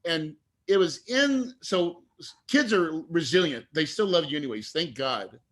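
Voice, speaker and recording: A middle-aged man with a bright, forceful, somewhat high voice tells his story as an interview guest. He is earnest and animated and gets choked up at times. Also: measured pace. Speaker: guest investor.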